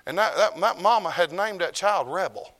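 Preacher swinging loud to hushed. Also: male voice, high voice, normal speed. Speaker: pastor. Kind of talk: sermon.

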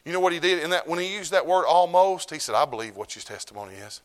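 A middle-aged man, preaching a sermon as pastor. He swings from loud declarations to low, hushed lines. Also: fast.

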